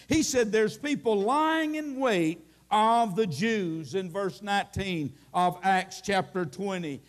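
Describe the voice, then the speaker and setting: A man, preaching a folksy sermon and quoting scripture. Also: high-pitched. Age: late 60s. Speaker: pastor.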